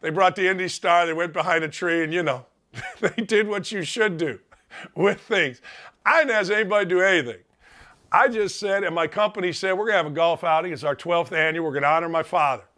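A man's voice: fairly high pitch, a little fast, fairly bright tone. A middle-aged man hosting a sports talk show, pouring out heartfelt, emphatic thanks while tearful. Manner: heartfelt, emphatic, repetitive gratitude. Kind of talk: emotional monologue.

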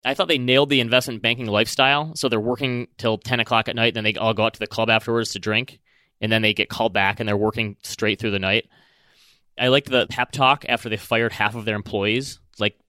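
A podcast co-host with a lowish voice talks quickly and animatedly about a movie in a casual chat, acting out lines from it. The studio-quality recording has no echo.

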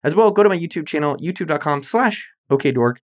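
A man's voice: on the high side, lively intonation, fast talker, no echo, studio quality. A man hosting his own podcast, talking in an upbeat, playful, salesy way. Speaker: podcast host. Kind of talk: energetic solo podcast talk.

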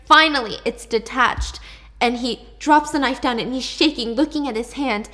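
A woman's voice: sits high, moderate pace, pushed and bright. A young woman casually retelling a dramatic story, chatty and full of fillers.

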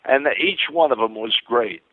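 A man's voice: mid-range voice, normal speed, husky, no echo. An older man from Queens, New York, telling rambling, enthusiastic stories as a guest over the phone, with many restarts. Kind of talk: phone interview storytelling. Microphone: telephone. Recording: tinny phone line.

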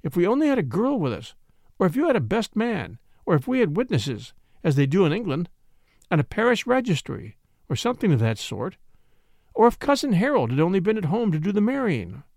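A nervous young bride-to-be frets in a high, lively voice that jumps around as she worries, as a male narrator puts her on, the sound close and dry. She speaks in a storybook manner, anxious and quick to alarm. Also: dry recording, heavily acted. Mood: worried. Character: young woman eloping, anxious and fretful.

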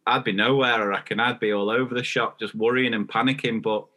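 A man's voice: mid-range voice, steady tone, quick pace, sharp tone. A man co-hosting a teachers' podcast, chatting casually in a rambling way with lots of restarts. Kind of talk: casual chat.

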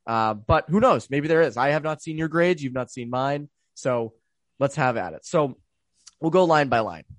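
Young man, podcast co-host, casual sports chat, rambling with fillers, mid-pitched voice, dry close sound. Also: lively intonation, moderate pace, no room sound. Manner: loose and rambling, many fillers.

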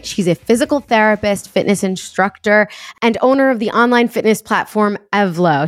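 A woman's voice: medium pitch, no room sound, clean studio sound. Upbeat woman podcast host. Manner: chatty, upbeat, lots of fillers. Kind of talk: casual interview chat.

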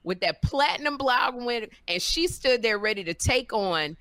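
A woman comedian who co-hosts a podcast and tells stories in an animated way, acting out the people she quotes. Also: fairly high pitch, moderate pace, dry recording. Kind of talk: animated storytelling.

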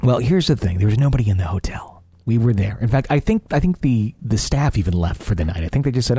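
A man's voice: mid-range voice, sing-song, brisk, dark tone, breathy edge, no room sound. A man hosting a paranormal call-in radio show, talking in a rambling, chatty, self-deprecating way.

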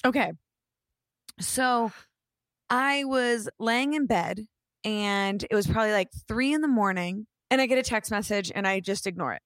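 A woman in her thirties casually telling an animated story, swearing now and then and acting out what people said. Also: medium pitch, moderate pace, dry recording, studio quality.

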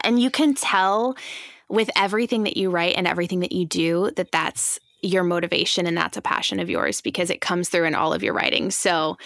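A woman's voice: lowish voice, a bit bright, dry recording, clean studio sound. A woman co-hosting a podcast interview, gushing over her guest and joking around in a playful way. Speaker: podcast co-host. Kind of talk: casual interview.

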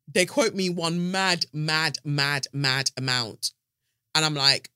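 A woman's voice: sits low, takes it slowly, smooth, no room sound, studio quality. A woman who hosts a podcast and tells stories casually, with profanity and lots of energy. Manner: animated, profane storytelling. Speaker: podcast host. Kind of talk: casual solo monologue.

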